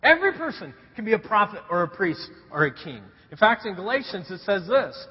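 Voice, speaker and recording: Animated preacher in an echoing hall. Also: male voice, high voice, brisk, hardly any pauses, breathy edge. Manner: animated storytelling with rhetorical questions. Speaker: pastor. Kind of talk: sermon. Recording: dull recording in a reverberant hall.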